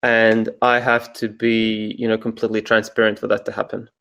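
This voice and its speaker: A man with an Australian accent, a coach speaking as an interview guest, calm and thoughtful with soft pauses. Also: fairly low pitch, gravelly. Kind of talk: reflective interview answers.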